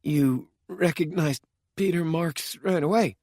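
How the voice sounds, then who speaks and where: A man's voice: a little high, slow, darkish tone, dry recording, studio quality, voice pushed up. A man voicing a dying, desperate official who pleads in a raised, strained voice. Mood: pleading. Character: doomed middle-aged male official, pleading.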